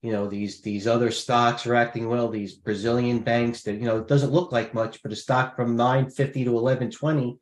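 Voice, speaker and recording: A male trader on a live show talks through his stock positions and keeps restarting his sentences as he thinks aloud. His mid-pitched voice carries a roomy echo. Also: fairly even intonation, normal speed, hardly any pauses. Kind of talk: live trading chat.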